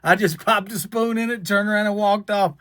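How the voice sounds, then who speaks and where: A man from the American South with a long drawn-out Southern accent, telling a self-mocking story. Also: high voice, dry recording, clean studio sound. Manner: drawled, self-mocking, animated. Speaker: vlogger. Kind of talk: storytelling to camera.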